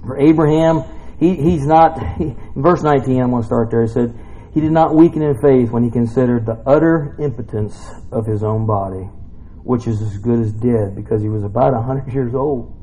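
A man's voice: medium pitch, normal speed, dark tone, poor audio. A man giving a casual, jokey sermon in a church, rambling into asides between scripture readings. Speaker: preacher.

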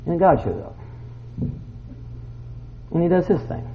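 A man preaching a sermon in a folksy, animated way, moving between loud exclamations and quiet asides, asking the crowd questions. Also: on the high side, measured pace, pauses often, a little hiss or hum. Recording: dull lo-fi sound.

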